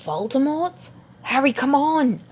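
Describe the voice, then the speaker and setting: A woman's voice: moderate pace, slight background noise, close to an everyday voice. A woman voicing a frightened teenage girl, urgent and shaky, in an amateur audiobook reading. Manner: urgent, higher pitched.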